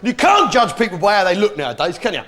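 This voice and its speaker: A man's voice: high voice, sing-song, quick pace, a bit bright. A man doing a brash stand-up comedy routine, full of rhetorical questions, with a crowd heard behind. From England. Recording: live comedy club crowd.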